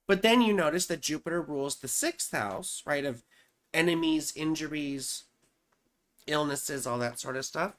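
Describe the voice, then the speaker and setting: A woman's voice: low voice, expressive, moderate pace. A woman astrologer explaining horoscopes in a loose, chatty way, often saying "you know" and "right?".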